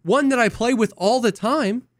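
Animated young man telling a gaming story. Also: extremely high pitch, normal speed, no echo, clean studio sound. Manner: animated storyteller, acts out quotes, coughs now and then. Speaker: podcast co-host. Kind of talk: casual chat, storytelling.

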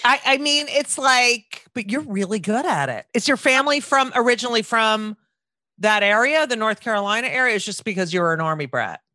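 A middle-aged New Jersey woman hosts a podcast interview, rambling, swearing offhandedly, and often cutting herself off mid-sentence. Her slightly high, sharp voice is animated and brisk, captured in a dry recording.

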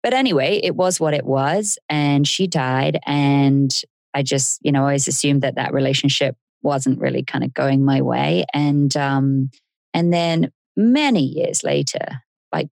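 A woman's voice: rumbling low, a little slow, vocal fry, darkish tone, no room sound, studio quality. A woman hosting a podcast, asking curious, reflective questions and sharing her own experience. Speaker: podcast host, psychotherapist. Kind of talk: interview conversation.

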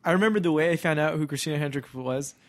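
A man co-hosts a relaxed podcast, wandering through stories and giggling as he goes. His voice sits a touch higher than most men's. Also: very fast. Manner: rambling, giggly storytelling. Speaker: podcast co-host. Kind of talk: casual chat.

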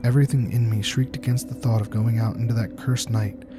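A man reading a scripted horror story aloud in a measured, tense storytelling manner. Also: mid-range voice, steady tone. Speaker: narrator. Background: music.

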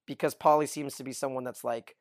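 A man's voice: mid-range voice, fairly even intonation, brisk, dry recording, clean studio sound. A man co-hosting a casual podcast, going through a TV episode and asking his co-host questions. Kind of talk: casual TV recap chat.

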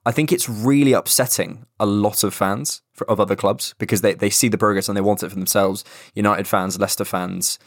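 A young man rambles through casual podcast chat, swearing now and then. His voice sits low. The sound is dry and close, with no room echo. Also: fairly even intonation, fairly quick, few pauses. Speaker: podcast co-host.

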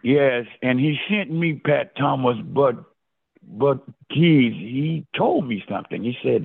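Slow gravelly older man on a phone line. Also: mid-range voice, expressive. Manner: emotional, repeats his words, exclaims often. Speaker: interview guest, former football player. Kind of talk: storytelling in a casual interview. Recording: phone-line call audio.

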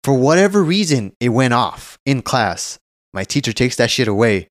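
A man's voice: mid-range voice, very animated, normal speed, dry recording, studio quality. A man co-hosting a casual podcast, telling a long childhood story with lots of swearing and acted-out quotes. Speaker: podcast co-host.

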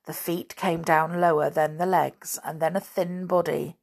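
A woman reading a children's adventure book aloud in a measured storytelling manner. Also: sits low, level tone, vocal fry, a little mellow. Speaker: reader.

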